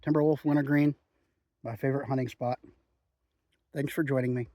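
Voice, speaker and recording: A man chatting in a relaxed, rambling way outdoors in the woods while reviewing a chew. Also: medium pitch, normal speed, no room sound, muffled recording. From Oregon. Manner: chatty, relaxed, frequent "um" and "you know". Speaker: outdoor vlogger reviewing chewing tobacco. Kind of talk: rambling casual monologue.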